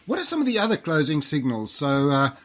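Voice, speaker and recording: An energetic, enthusiastic man hosting a casual conversation about selling. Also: on the high side, fast. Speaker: host and sales author. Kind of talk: casual chat.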